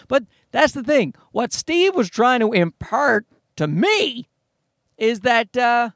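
Comedian in his 30s, high lively voice, swears a lot, dry close sound. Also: moderate pace, dry recording. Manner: rambling, profane, animated. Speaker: comedian and podcast host. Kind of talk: casual comic monologue. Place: parking garage.

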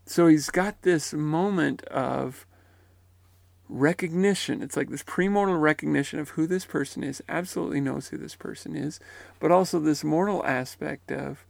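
A man's voice: fairly high pitch, moderate pace, gravelly, no echo. A man retelling and reflecting on someone's near-death account in a musing, tentative way. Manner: musing and tentative, often unsure. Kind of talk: reflective spoken commentary.

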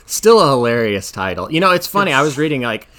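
A young man hosting a movie podcast in casual, animated chat, laughing often. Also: mid-range voice, quick pace. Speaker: podcast host.

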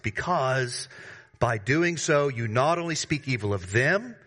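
A man preaching a sermon to his congregation, emphatic, with sudden rises in pitch and volume and casual slangy asides. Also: fairly bright tone. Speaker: pastor.

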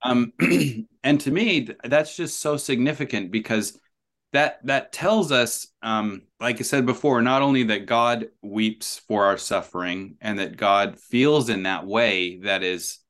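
A man as a podcast guest, explaining his ideas thoughtfully with many pauses, ums and restarts. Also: medium pitch, a bit bright. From New Zealand. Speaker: author and guest. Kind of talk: conversational podcast interview.

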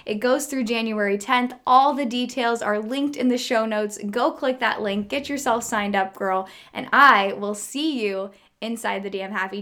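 A woman's voice: on the high side, bright, forceful tone. A woman hosting a fitness podcast, talking upbeat and enthusiastic straight to her listeners. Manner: upbeat, enthusiastic, direct address. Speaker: podcast host. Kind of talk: podcast interview and ad read.

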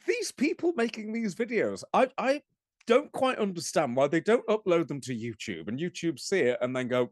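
A man's voice: on the high side, sing-song, moderate pace, no room sound, clean studio sound. Wry man in casual chat. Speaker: podcast co-host.

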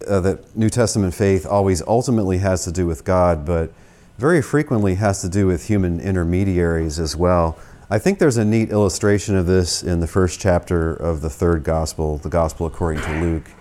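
An American man giving a conversational theology lecture, reasoning through arguments with quick asides. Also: low voice, dark tone. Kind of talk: spoken lecture.

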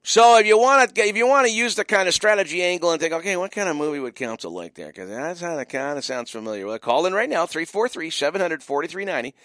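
A man hosting a radio trivia show, his voice swinging up and down with animated, teasing energy. He keeps repeating the call-in number and needles his listeners. The studio sound is close and dry. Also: a little high, fast, hardly any pauses, no room sound. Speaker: radio host running a movie trivia call-in. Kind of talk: casual radio call-in chat.

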